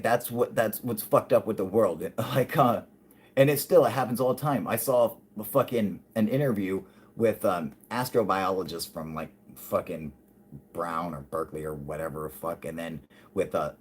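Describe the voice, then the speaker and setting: A man's voice: sits low, normal speed, slight background noise. A man hosting a livestream, ranting in a rambling, profane, heated way and often breaking into laughter. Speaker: livestream host. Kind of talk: casual ranting livestream talk.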